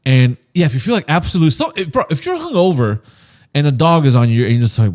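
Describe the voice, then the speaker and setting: Medium-pitched and quick, this podcast co-host keeps things loose and profane, animatedly performing the voices of anyone he quotes in casual conversation.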